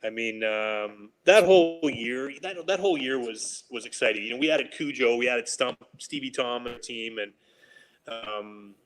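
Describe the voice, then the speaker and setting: A former hockey player in his forties telling animated, casual stories on a podcast and acting out what his coaches said. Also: medium pitch, moderate pace, low-quality recording. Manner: animated anecdotes, laughing, quoting coaches. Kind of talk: casual storytelling.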